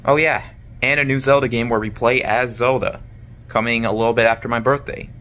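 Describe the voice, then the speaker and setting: A man's voice: mid-range voice, steady tone, fairly quick, sharp tone. A man chatting casually in a monthly vlog, rambling with lots of fillers and restarts. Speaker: vlogger.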